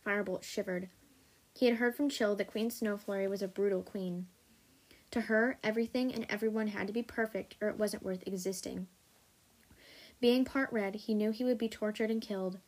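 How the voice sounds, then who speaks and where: A woman narrating a fantasy story aloud in a steady, even reading voice. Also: medium pitch, normal speed, poor audio.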